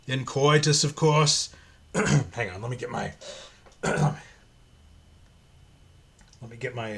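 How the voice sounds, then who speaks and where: A man's voice: mid-range voice, a little hiss or hum. A man giving casual, profane, opinionated commentary while reading a comic aloud. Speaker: comic reviewer.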